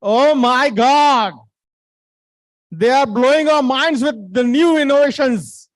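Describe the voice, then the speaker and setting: Very high-voiced male event host. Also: slow pace, no room sound. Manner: enthusiastic, switching between English and Hindi. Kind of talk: live event hosting.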